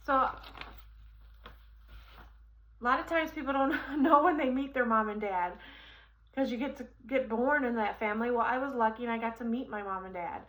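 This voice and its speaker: A woman's voice: fairly high pitch, low-quality recording. A middle-aged woman vlogger telling a personal story in a rambling, casual way with many fillers while assembling furniture. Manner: rambling, warm-hearted, many fillers and restarts.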